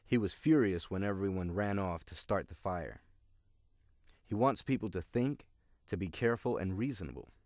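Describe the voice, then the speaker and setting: A man teaching, explaining a novel to students in a calm, explanatory manner. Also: deep voice, normal speed, dry recording, studio quality.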